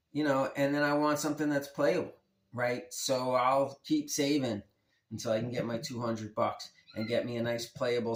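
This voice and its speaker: A man's voice: medium pitch, echoey room. A man hosting his own guitar channel, talking in a laid-back, rambling and slangy way. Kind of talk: rambling casual vlog.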